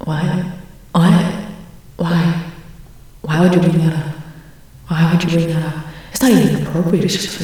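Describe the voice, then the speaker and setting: A woman's voice: low voice, mellow, recorded from a distance, close to an everyday voice. A woman playing a laid-back groovy 1960s hippie man in an ASMR role-play, rambling and drawling. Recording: echoey room, off mic.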